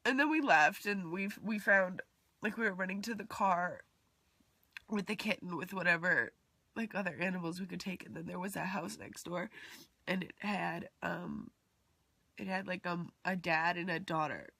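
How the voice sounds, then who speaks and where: Woman vlogger, low-pitched, tense bright tone, dry close sound, heartfelt and rambling. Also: normal speed, vocal fry, no room sound. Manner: rambling and heartfelt, many fillers, drops to near-whisper at times. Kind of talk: personal confessional vlog.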